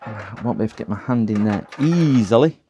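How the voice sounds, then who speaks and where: A man's voice: fairly low pitch, animated, a little fast, dark tone, muffled recording, slight background noise. A man chatting on a live repair stream, muttering to himself as he works and poking fun at his own mistakes. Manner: chatty, muttering while working, self-mocking.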